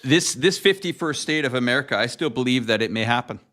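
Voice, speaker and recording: Man co-host from Canada, bright edgy tone, earnest and worried political chat. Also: mid-range voice, animated, fast. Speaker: co-host of a live talk stream.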